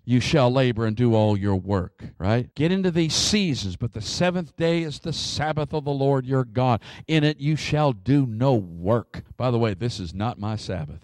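A man preaching a sermon as pastor, animated, with frequent restarts and chuckles along the way. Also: mid-range voice, dry recording.

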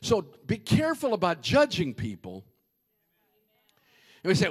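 A man preaching a humorous, animated sermon and addressing the congregation directly. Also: on the high side, moderate pace, slightly rough.

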